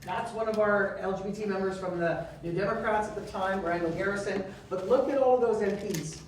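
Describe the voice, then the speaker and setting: A Canadian man, a member of parliament and guest speaker, telling stories in an animated way and acting out quoted dialogue. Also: sits high, brisk. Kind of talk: storytelling talk. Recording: echoey and distant, faint noise.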